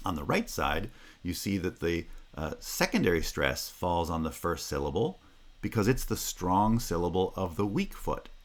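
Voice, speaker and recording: A man with a very low voice lectures step by step through his slides. He speaks patiently and methodically, repeats key terms and now and then asks "Right?" to check that students are following. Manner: occasional filler "uh" and checking "Right?". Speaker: linguistics lecturer. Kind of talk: recorded lecture explaining slides.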